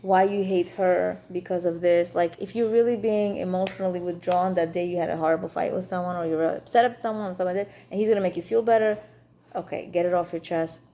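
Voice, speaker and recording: A woman leads an informal class for women, speaking in a chatty, frank, teacherly way with flashes of humor. Her voice sits low and sounds mellow, and a faint hiss runs under the recording. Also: steady tone, fast talker.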